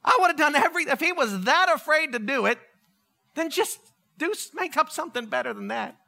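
A man preaching a sermon, telling the story in an animated, joking way. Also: very high-pitched, brisk, gravelly. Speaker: pastor. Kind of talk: humorous sermon.

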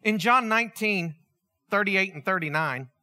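A man's voice: sits high, lively intonation, moderate pace, pushed and bright. A male pastor preaching a conversational sermon, acting out dialogue as he tells the story.

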